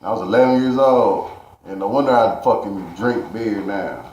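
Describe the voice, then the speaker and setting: A man's voice: fairly low pitch, normal speed, darkish tone, highs cut off. A man telling a rambling, profane story in street slang, ranting to camera. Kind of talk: casual storytelling rant. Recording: echoey room.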